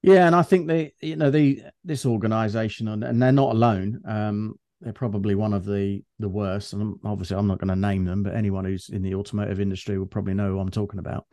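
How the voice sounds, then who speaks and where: Middle-aged man, co-host, chatty storyteller, dark mellow tone, dry close sound. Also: fairly low pitch, fast, few pauses, dry recording. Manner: chatty, animated anecdotes with restarts. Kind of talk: casual conversational storytelling.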